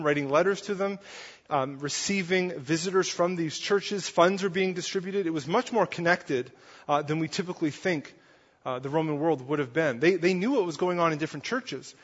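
A pastor preaching a sermon in a church, earnest and conversational, often checking in with "right?" and "okay?". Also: male voice, a little high, a bit bright, breathy edge. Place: church sanctuary. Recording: muffled recording with long hall reverb.

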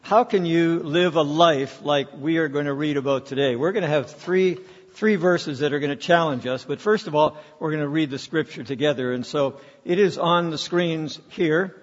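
A man's voice: fairly high pitch, moderate pace, hardly any pauses. A man preaching a sermon as pastor, telling stories and leading the congregation in reading aloud. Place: church sanctuary. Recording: dull, lo-fi sound with long hall reverb.

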